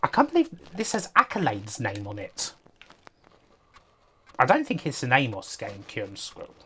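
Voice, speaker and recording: A woman's voice: rumbling low, wildly swooping pitch, moderate pace, a bit bright, a little hiss or hum. A woman giving casual live-stream commentary on games, sardonic and sweary, often laughing. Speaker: game streamer.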